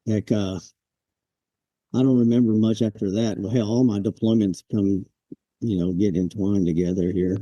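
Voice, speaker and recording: A man's voice: lowish voice, fairly even intonation, moderate pace, warm tone, no echo, dull audio. A man in his forties, a Marine veteran guest, telling his story casually on a podcast, chuckling and acting out the sergeants he quotes. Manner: laid-back, chuckles, acts out quoted drill instructors.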